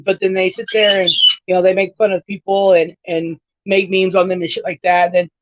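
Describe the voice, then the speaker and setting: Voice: mid-range voice, level tone, brisk, very noisy. Profane rambling livestream host, muffled. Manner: rambling, profane, tags lines with "right?". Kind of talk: casual livestream chat. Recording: dull lo-fi stream audio.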